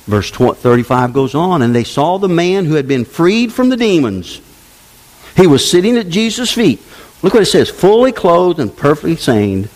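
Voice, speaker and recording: Animated preacher with a wide-swinging voice. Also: male voice. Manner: animated preaching, swinging from low murmurs to loud exclamations; conversational asides to the congregation. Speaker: pastor. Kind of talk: sermon.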